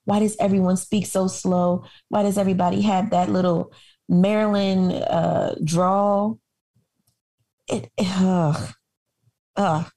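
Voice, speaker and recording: Opinionated woman podcast co-host, mellow voice. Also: mid-range voice, steady tone, takes it slowly. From Harlem, New York. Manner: conversational, opinionated, laughs easily. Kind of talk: casual chat.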